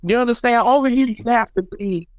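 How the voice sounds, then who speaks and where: An American man, a beatmaker guest on a podcast, telling stories in an animated, emphatic way. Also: very high-pitched, a little fast, smooth, no echo, poor audio. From United States. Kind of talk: casual podcast chat.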